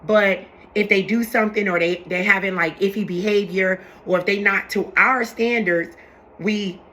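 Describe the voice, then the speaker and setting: A young woman with a bright, sharp voice talks straight to her viewers in an animated, preachy way. She circles back and repeats her points as she goes. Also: mid-range voice, a little hiss or hum. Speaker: vlogger talking to her viewers. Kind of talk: casual live chat to camera.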